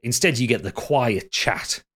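A man's voice: mid-range voice, lively intonation, unhurried, a bit bright, slightly rough. A man co-hosting a casual podcast, rambling through a TV episode recap with frequent restarts and laughs. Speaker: podcast co-host.

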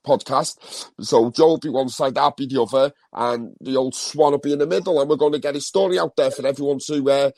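A man's voice: mid-range voice, brisk, darkish tone, no room sound. A man with a Liverpool accent co-hosting a live stream, rambling, talking a lot and swearing. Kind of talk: casual live stream chat.

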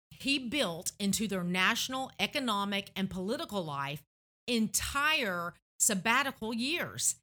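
A woman from Tennessee hosting a faith podcast, telling stories in an earnest, reminiscing way. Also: medium pitch. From Tennessee, USA. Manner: warm, earnest, reminiscing storyteller. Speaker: podcast host.

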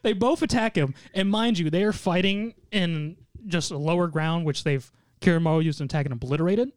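A man casually recapping a show, telling it with lively mock quotes and lots of laughing. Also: on the high side, brisk, no echo, clean studio sound. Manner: animated storytelling, mock quotes in put-on voices, frequent laughter. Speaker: podcast host recapping an anime episode.

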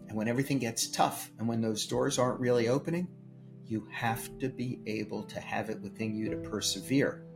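Animated older man telling stories. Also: medium pitch, gravelly. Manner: animated, emphatic storyteller. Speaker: film producer. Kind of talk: storytelling interview.

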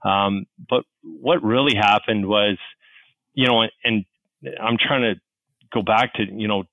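A man's voice: fairly low pitch, measured pace, dry recording, muffled recording. A man from Calgary with a Canadian accent, a podcast guest telling stories in a chatty, self-deprecating way. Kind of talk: casual podcast storytelling.

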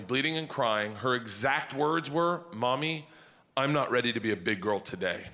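A middle-aged man doing stand-up comedy, loud and laughing, shouting his punchlines. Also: mid-range voice. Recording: live on stage with audience noise.

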